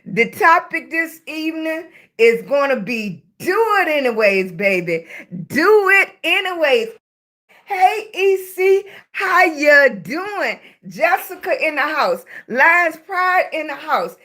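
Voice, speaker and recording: A Southern woman with a high, bright-toned voice chats live with her viewers into a phone or webcam mic. She talks slowly, greeting each new arrival by name and calling them baby. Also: very animated. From Southern United States. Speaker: livestream host. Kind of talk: casual livestream chat with viewers.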